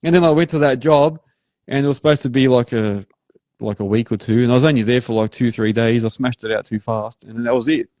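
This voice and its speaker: An Australian man hosting a live show, rambling through animated work stories in casual chat. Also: medium pitch, quick pace, dry recording. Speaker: host.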